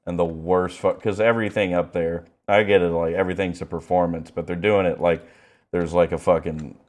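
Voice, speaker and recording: A man's voice: sits low, fairly even intonation, brisk. A young man co-hosting a podcast, talking in crude, mock-folksy, profanity-laced banter. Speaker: podcast co-host.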